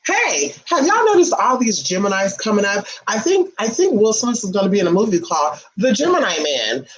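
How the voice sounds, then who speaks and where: A woman's voice: mid-range voice, a little fast, dull audio, background noise. A woman hosting a casual livestream, telling a rambling story full of profanity, chatting to her viewers and her pet as she reads comments. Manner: animated, profanity-laced storytelling; talks to viewers and a pet while reading comments. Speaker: livestream host.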